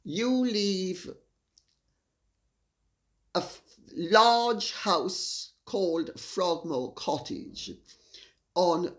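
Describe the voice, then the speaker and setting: A woman's voice: lowish voice, extremely slow, long pauses. Arch, wry woman commentator. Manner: arch, wry, theatrical asides. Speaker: host. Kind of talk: solo commentary monologue.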